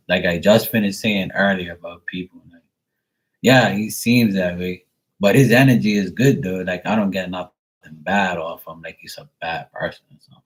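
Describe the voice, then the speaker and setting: A man's voice: sits low, moderate pace, rough recording. A man giving a live psychic reading in a casual, rambling way, full of fillers and the odd swear word. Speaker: psychic reader.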